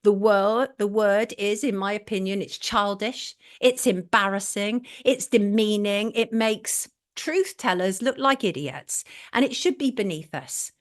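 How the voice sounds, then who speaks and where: A woman's voice: medium pitch, measured pace, hardly any pauses. A middle-aged English woman hosting a live online talk show, opinionated and blunt, repeating her points for emphasis and reading out viewer messages.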